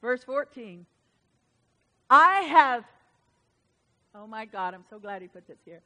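A woman's voice: mid-range voice, brisk. A woman preaching a sermon to women, passionate and emphatic, breaking into exclamations and rising bursts.

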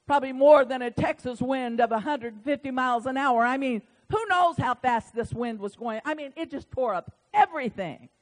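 A woman preacher with a high-pitched voice delivers a fervent sermon. She drops to a hush, then rises to full shouts, and she acts out dialogue with God as she goes. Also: normal speed, hardly any pauses. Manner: impassioned, swings from hushed to shouting.

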